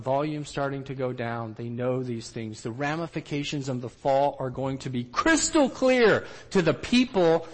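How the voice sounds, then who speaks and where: Animated, higher-voiced man telling stories. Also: poor audio. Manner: animated, acts out quotes. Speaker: missionary trainer. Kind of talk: storytelling talk.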